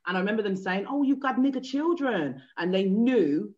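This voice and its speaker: Woman, British accent, podcast host, animated storyteller, slangy, dull lo-fi audio. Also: mid-range voice, moderate pace. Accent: British English. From England. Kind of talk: casual podcast chat. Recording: dull lo-fi sound.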